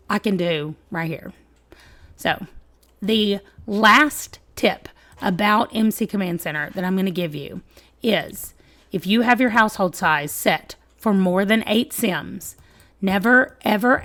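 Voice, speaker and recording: A woman's voice: mid-range voice, fairly bright tone. A woman who sounds sick, hosting a casual game tutorial and explaining step by step in a chatty way, with emphatic warnings.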